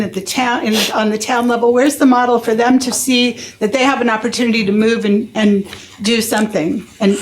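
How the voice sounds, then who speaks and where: A woman's voice: on the high side, rough recording. A woman speaking urgently and insistently during public comment at a town meeting.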